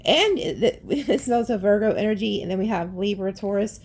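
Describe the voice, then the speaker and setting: A woman's voice: medium pitch, lively intonation, normal speed, a little mellow, breathy edge. A woman doing a casual tarot reading, chatty and blunt, swearing freely and rambling with frequent restarts. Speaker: tarot reader.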